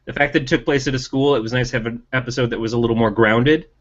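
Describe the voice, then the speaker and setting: A man's voice: steady tone, rapid-fire. Male co-host with firm TV opinions, emphatic delivery, slightly muffled recording. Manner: opinionated, ranting, rising emphatic pitch. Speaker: podcast co-host. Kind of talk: casual chat about TV. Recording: dull lo-fi sound.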